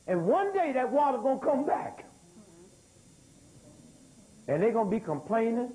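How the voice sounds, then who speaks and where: A man's voice: very high voice, sing-song, unhurried, pauses often, warm tone, low-quality recording. An older man, lecturing a live audience, throwing rhetorical questions and asking for responses. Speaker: speaker.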